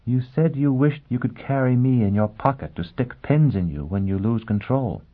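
A man's voice: medium pitch, animated, voice pushed up, close to an everyday voice. A man voicing a cold, scornful young woman. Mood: cold, quiet. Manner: quiet, cutting and deliberate. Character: tense, scornful young woman, icy then hysterical. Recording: tinny phone-like sound.

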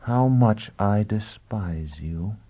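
Female role, young, icy and scornful, quiet deliberate delivery, male reader puts her on, phone-line tone. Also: medium pitch, breathy edge, voice pushed up, close to an everyday voice. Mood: cold, quiet. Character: tense, scornful young woman, icy then hysterical. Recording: tinny phone-like sound.

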